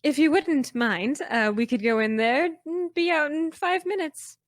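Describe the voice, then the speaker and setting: A woman's voice: sits high, expressive, unhurried, dry recording, studio quality. A woman playing her character in a tabletop game, polite and wry in tone. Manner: polite and wry, breaks into laughter. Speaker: player.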